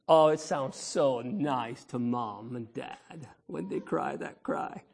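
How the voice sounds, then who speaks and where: A man preaching to the children in a Sunday sermon, his voice high for a man and swinging widely up and down. He takes his time, telling the story in an emphatic, storytelling way and calling out to the congregation for an amen. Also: expressive, takes it slowly, vocal fry, few pauses, slightly rough. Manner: storytelling, imitates baby cries. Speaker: pastor.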